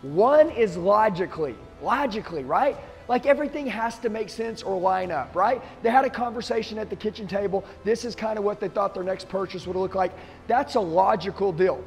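Intense high-voiced man preaching sales. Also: brisk, gravelly, hardly any pauses, in a large hall, faint music behind. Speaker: sales trainer. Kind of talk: motivational talk to camera.

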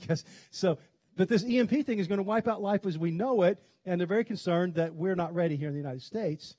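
Man, pastor, middle-aged, from Kentucky, sermon, husky, dry sound. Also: high-pitched, warm tone, no echo. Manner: conversational storytelling, quick to laugh. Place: church sanctuary.

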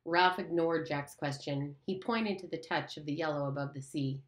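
A woman reads an audiobook aloud in a steady, measured way. Her voice sits low for a woman. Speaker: audiobook reader. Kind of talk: audiobook narration.

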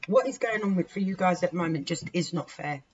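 A woman giving a weekly tarot reading, frank and indignant, swearing freely and breaking into sudden loud outbursts. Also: fairly low pitch, expressive, fairly quick. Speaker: tarot reader. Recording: dull lo-fi recording with faint hiss.

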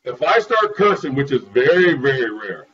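Animated man telling stories from afar. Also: medium pitch, moderate pace. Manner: lively, laughing, acts out voices in anecdotes. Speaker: guest, former caregiver. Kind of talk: animated storytelling in conversation. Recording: distant, muffled, with crowd noise.

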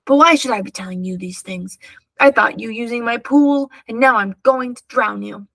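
A woman voicing a weepy, vain old male rhinoceros with a deep, angry voice in a read-aloud storybook. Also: moderate pace, vocal fry, a bit bright, dry recording. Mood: mournful. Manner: mournful, threatening.

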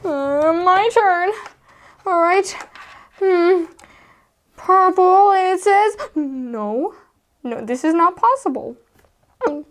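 A woman voicing little toddler girl dolls playing a board game, high and excitable, squealing when things go wrong. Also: takes it slowly, long pauses, exaggerated voice. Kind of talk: doll play narration.

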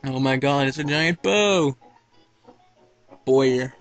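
A man's voice: on the high side, normal speed, fairly bright tone, faint music behind, rough recording. A man casually commentating on a video game he plays, joking and mocking himself. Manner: joking, self-mocking asides. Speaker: let's play commentator.

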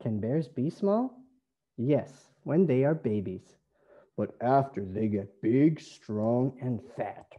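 A man from Canada with a Canadian accent, an English teacher reading a phonics lesson slowly in a sing-song way. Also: mid-range voice, animated, husky, highs cut off. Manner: slow, sing-song, stretched words.

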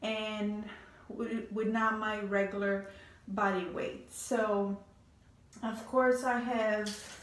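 A woman's voice: medium pitch, little pitch movement, takes it slowly, reverberant, far from the mic. A heavily pregnant woman, a fashion stylist, giving a rambling casual tour of her closet, a bit out of breath, with many ums and restarts.

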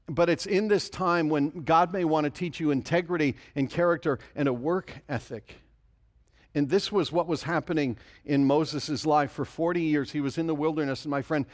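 Pastor, male, somewhat high voice, earnest sermon delivery that leans on repetition. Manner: earnest, repeats key phrases for emphasis; reads scripture aloud within the sermon.

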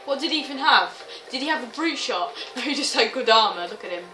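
Excitable woman, roomy distant sound. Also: on the high side, brisk. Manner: excitable, swears, shrieks and laughs often. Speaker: gaming video host. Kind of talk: let's-play commentary. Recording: roomy, distant mic with game music. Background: game music and sounds.

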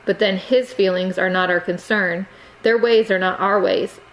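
A woman's voice: medium pitch, steady tone, normal speed, lightly acted, poor audio. A woman reading aloud, voicing a stern, reproachful middle-aged aunt who lectures her niece. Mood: scolding.

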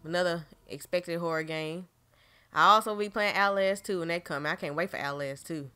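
Jumpy woman gamer with a bright voice. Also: on the low side, moderate pace, clean tone. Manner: jumpy, exclaiming, talks straight to viewers. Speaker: gaming channel host. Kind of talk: horror game let's play commentary. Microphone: desk microphone.

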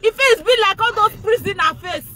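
A woman with a Nigerian accent hosting a gossip commentary vlog. She mocks loudly and keeps breaking into laughter. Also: very high voice, normal speed, no room sound. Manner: mocking, laughs loudly and often. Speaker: vlogger and show host.

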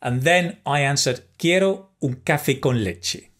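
A man teaching a beginner language lesson, speaking slowly and carefully and pausing so learners can repeat phrases. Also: mid-range voice, lively intonation, fairly bright tone. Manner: slow, careful, encouraging, pauses for repetition; switches between English and Spanish phrases. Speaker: Spanish teacher.

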